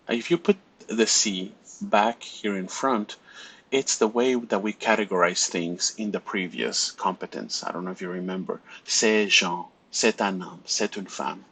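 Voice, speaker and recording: Husky low-voiced man teaching French. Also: animated, slow pace, fairly bright tone, poor audio. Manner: explains step by step, often checks with "right?". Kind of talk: recorded classroom lecture.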